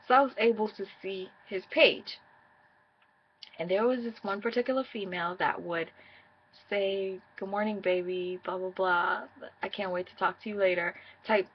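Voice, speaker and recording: A woman tells her own story straight to her viewers, blunt and profane. Her voice is husky. The audio sounds dull and muffled. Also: fairly low pitch. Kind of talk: casual personal storytime.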